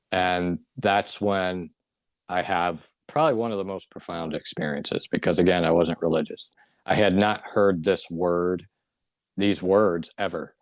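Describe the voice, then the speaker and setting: A man's voice: sits low, no echo. A middle-aged man earnestly recounting a personal spiritual experience as an interview guest. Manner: earnest, emotional storytelling. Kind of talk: personal testimony.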